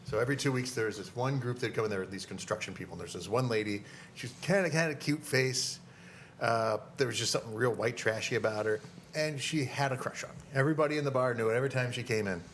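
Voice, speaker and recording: A man's voice: mid-range voice, quick pace, a little hiss or hum. A man from Minnesota in a casual podcast chat, telling stories with dry jokes. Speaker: podcast co-host.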